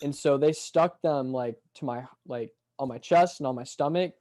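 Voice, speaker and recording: A man's voice: medium pitch, moderate pace, mellow. A man in casual chat, recounting his hospital stay in a rambling, hesitant way.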